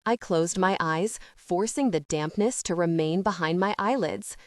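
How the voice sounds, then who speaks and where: A woman's voice: lowish voice, a little slow, dry recording. Woman narrating an audiobook in a dry booth. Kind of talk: first-person audiobook narration.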